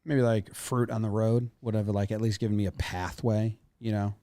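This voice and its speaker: A man's voice: on the low side, level tone, moderate pace, mellow, no room sound. A man co-hosting a podcast, talking casually about baseball and often trailing off and restarting his sentences. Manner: rambling, trails off and restarts mid-thought. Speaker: podcast co-host. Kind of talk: casual sports chat.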